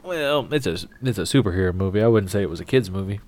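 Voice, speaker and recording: A man co-hosting a casual podcast, relaxed and dry. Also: on the low side, fast. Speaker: podcast co-host.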